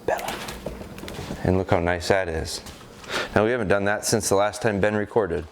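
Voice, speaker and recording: Calm low-voiced American dog trainer. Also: male voice, normal speed, background noise. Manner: calm and explanatory, with hesitant fillers. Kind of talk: instructional talk during a training session.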